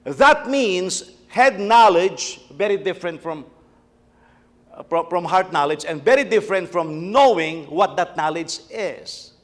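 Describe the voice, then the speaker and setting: Brief: middle-aged pastor, higher-pitched man, chatty sermon with stumbling repeats, long hall reverb. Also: lively intonation, measured pace. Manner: conversational, repeats words, tells family anecdotes.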